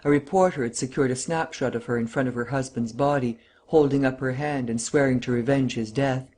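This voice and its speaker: A man narrating a classic novel as an audiobook, in steady storytelling. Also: medium pitch, brisk. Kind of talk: scripted narration.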